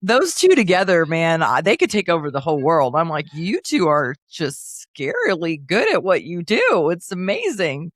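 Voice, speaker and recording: A middle-aged woman from the Kansas City area, co-hosting a casual podcast chat and telling stories with lively acted-out quotes. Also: moderate pace, hardly any pauses, dry recording. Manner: animated storyteller, acts out quotes with big pitch jumps. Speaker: podcast co-host.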